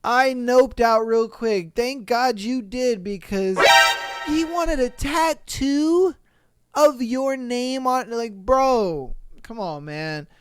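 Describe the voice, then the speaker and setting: A man hosting a podcast, reading listener stories aloud and reacting with animated, slangy, profane rants. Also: very high voice, slow, faint music behind. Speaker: podcast host.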